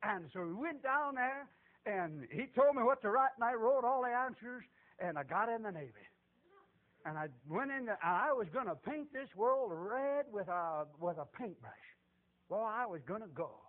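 An older man giving a folksy testimony sermon, animated and repetitive, chuckling as he tells it. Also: high-pitched, normal speed, phone-quality sound. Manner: animated, repetitive, laughs while telling.

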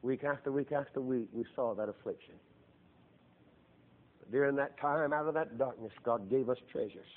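A middle-aged man preaching a sermon, with fervent delivery that swells into loud, drawn-out emphasis. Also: mid-range voice. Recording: tinny phone-like lo-fi sound.

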